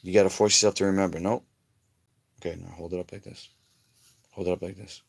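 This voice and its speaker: Bossy low-voiced man livestreaming. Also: flat delivery, quick pace, gravelly, long pauses. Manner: bossy, instructing step by step; blunt and crude. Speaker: livestream host. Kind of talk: casual live-stream chat.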